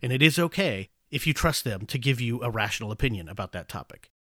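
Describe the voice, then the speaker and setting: A man's voice: medium pitch, lively intonation, quick pace, bright, forceful tone, no echo, studio quality. A man hosting a podcast, giving a blunt opinionated monologue and swearing freely in casual banter. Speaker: podcast host.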